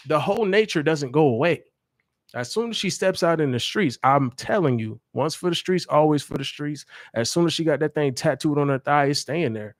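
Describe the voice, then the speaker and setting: A young man who works as a dating coach, talking to his viewers in a casual livestream, blunt and profane and quick to laugh. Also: fairly high pitch, expressive, dry recording, studio quality. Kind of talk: casual livestream chat to camera.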